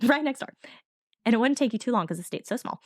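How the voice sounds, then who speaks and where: Woman podcaster rattling through a true crime case, quick and chatty, dry close mic. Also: on the high side, lively intonation, no room sound. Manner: fast, chatty storytelling from notes. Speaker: podcast co-host. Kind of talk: casual true-crime chat.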